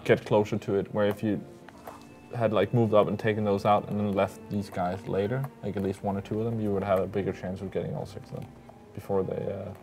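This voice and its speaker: A man co-hosting a game livestream, talking casually and handing out quick gameplay tips, with game music faintly behind. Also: fairly low pitch, little pitch movement, mellow. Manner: chatty, quick advice-giving, lots of fillers. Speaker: livestream co-host.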